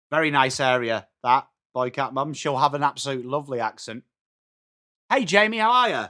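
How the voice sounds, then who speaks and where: A young man from northern England with a mid-range voice and normal pace hosts a fan watchalong stream. He mixes live sports commentary with reading chat, excitably joking with viewers by name.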